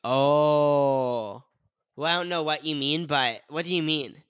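A man's voice: fairly high pitch, fairly quick, bright, forceful tone, no room sound, clean studio sound. A young man co-hosting a casual podcast, giggling often and saying "like" constantly as his thoughts trail off. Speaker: podcast co-host. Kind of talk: casual chat.

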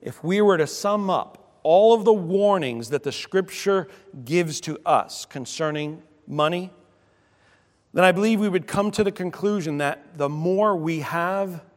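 A pastor preaching a sermon in an animated way, with sudden loud exclamations. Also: male voice, high-pitched, measured pace. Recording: long church reverb.

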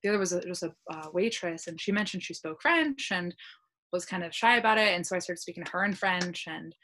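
A woman, a podcast guest, chatting casually and telling stories with quick laughs and acted-out dialogue. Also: fairly low pitch. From United States. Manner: lively storytelling, quick laughs, acts out dialogue. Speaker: podcast guest, language content creator. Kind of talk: casual interview chat.

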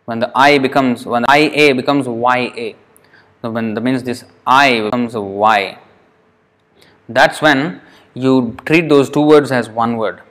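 A man teaching Sanskrit pronunciation to a class, patient and repetitive, drawing words out slowly to demonstrate them. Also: mid-range voice, steady tone, fairly bright tone. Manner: patient, repeats words slowly to show how they sound.

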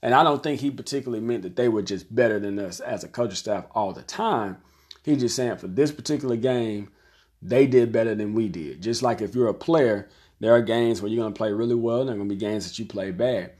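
A man's voice: on the low side, fairly quick, a little mellow. A man in his thirties, a basketball coach, talking casually to camera in a conversational, repetitive way and sometimes acting out other people's voices. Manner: conversational, repeats phrases, acts out quoted voices. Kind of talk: casual talk to camera, reviewing an article.

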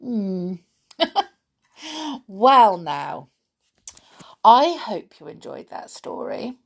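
A woman's voice: mid-range voice, very animated, takes it slowly, gravelly. A woman reading a children's story aloud expressively, with amused asides.

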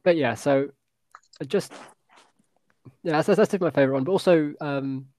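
A man appearing as a podcast guest in casual chat, who answers haltingly with many fillers and restarts. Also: a little high, darkish tone, no echo.

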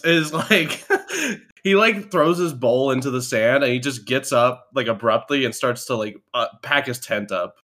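A man's voice: medium pitch, moderate pace, a bit bright. A man chatting and laughing as a player at a tabletop game, describing his character's actions. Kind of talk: casual game-table chat.

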